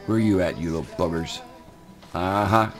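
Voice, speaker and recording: Older pa guy rambling folksy about his game, deep-ish voice, bit of music in the back. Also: normal speed. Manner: folksy, rambling, repeats words. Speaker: gaming channel host. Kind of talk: casual game commentary.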